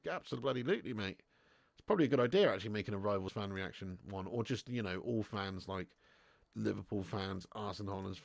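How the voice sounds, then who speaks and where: A man's voice: medium pitch, gravelly, a bit bright, no room sound, clean studio sound. A young man hosting a live football watch-along, chatting casually, laughing often and answering viewers' comments.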